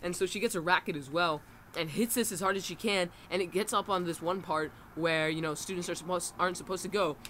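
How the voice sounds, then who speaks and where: A man's voice: sits high, fairly quick, sharp tone, slight background noise. A teenage boy telling a funny story casually, acting out quotes and laughing often.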